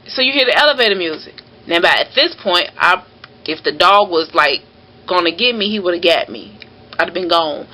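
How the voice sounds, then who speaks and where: Woman vlogger, chatty storyteller, bright forward tone, casual delivery. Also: mid-range voice, low-quality recording. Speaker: mail carrier vlogger.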